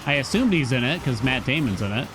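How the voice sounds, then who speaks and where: A man's voice: mid-range voice, sing-song, fast, music in the background. A man casually commenting on his gameplay as a streamer, chatting to viewers and humming along. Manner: laid-back, chatty, addresses chat, hums along. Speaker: game streamer.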